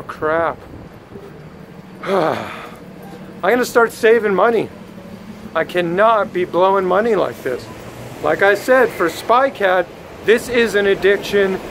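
A man filming a handheld vlog on a city street, excitable and scolding himself, swearing casually. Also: sits high, vocal fry, background noise. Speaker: vlogger. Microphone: handheld camera at arm's length.

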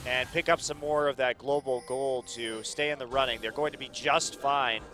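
A man giving color commentary on a video game match, analytical and steady in tone. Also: medium pitch, moderate pace, faint music behind. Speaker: esports caster.

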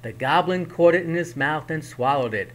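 Male reader, expressive storybook narration, slightly high voice. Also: normal speed. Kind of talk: reading a picture book aloud.

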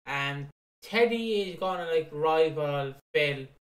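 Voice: mid-range voice, expressive, slow, distant mic. A podcast co-host rambling in casual chat and swearing freely. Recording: roomy echo.

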